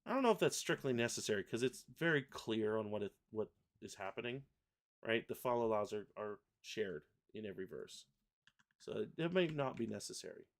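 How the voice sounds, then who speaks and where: A man hosting a live software tutorial, thinking aloud and correcting himself as he works. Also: fairly low pitch, lively intonation, brisk. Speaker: software livestream host. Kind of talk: casual live software demo.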